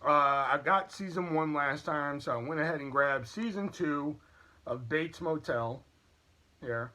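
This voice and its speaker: Candid male vlogger, slightly high and crisp-toned, chatty and loose. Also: unhurried, sharp tone. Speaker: YouTube channel host. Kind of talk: casual product review and haul vlog.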